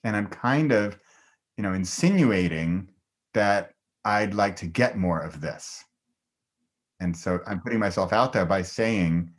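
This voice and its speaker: Upbeat middle-aged man on a podcast, with a fairly low voice that jumps up in his excited, laughing moments. He chats casually and openly as a guest. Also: a little slow. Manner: enthusiastic, upbeat, laughs often. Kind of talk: casual conversation.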